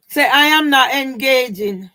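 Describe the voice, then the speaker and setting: Jamaican lady ranting on a livestream, fired up, yells and cusses, keeps asking yeah?. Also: sits high. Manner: emphatic, often shouting and swearing, with frequent "yeah?" tags. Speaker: YouTube livestreamer. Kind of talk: live-stream rant.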